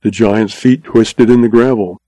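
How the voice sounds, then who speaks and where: A man giving steady, measured scripted narration of a western audiobook. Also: fairly low pitch, no room sound.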